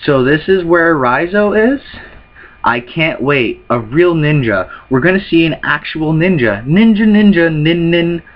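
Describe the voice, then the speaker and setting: A man reacting to a manga chapter, reading its dialogue aloud and switching into quick character voices between his own comments. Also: on the high side, lively intonation, muffled recording. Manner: reads character lines in quick put-on voices between plain remarks.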